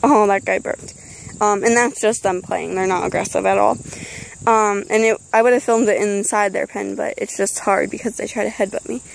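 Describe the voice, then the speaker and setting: A woman's voice: medium pitch, steady tone, moderate pace, gravelly, a little hiss or hum, low-quality recording. A teenage girl chatting casually outdoors beside an animal pen, rambling with frequent ums. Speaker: vlogger. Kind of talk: casual chat.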